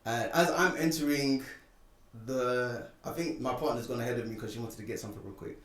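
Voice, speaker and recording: A man's voice: medium pitch, a little fast. Guy telling his story on a podcast, mid voice, roomy far-off mic. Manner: animated, acts out quoted lines. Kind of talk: casual storytelling chat. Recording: echoey room, distant mic.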